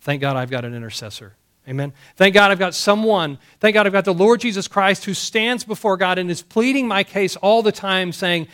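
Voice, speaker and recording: Emphatic preacher, man, fairly high voice. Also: a little fast, a bit bright. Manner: emphatic, with rhetorical questions and repetition. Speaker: pastor. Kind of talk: sermon. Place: church service.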